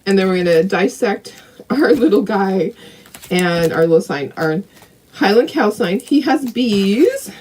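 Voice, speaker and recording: A woman's voice: mid-range voice, expressive, a little slow, darkish tone, rough recording. A middle-aged woman hosting a casual live craft painting tutorial, chatting and greeting viewers by name.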